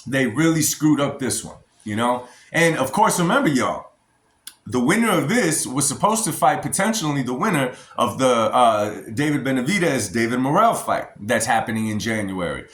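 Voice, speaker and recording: A man's voice: medium pitch, very animated, moderate pace, a bit bright, roomy sound. An American man giving a casual, emphatic opinion vlog as a boxing commentator, often addressing his viewers as y'all. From United States.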